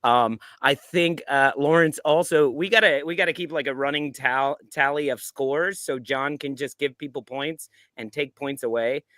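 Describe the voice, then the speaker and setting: Guy hosting a football fan show, bright sharp voice, pretty dry sound, laughs and swears a lot. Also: mid-range voice, normal speed, hardly any pauses, no room sound. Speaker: co-host. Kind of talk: casual fan show banter.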